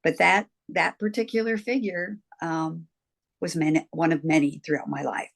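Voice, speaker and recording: Brief: older woman guest, reflective storyteller, slightly low pitch. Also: steady tone, moderate pace, vocal fry. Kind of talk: interview storytelling.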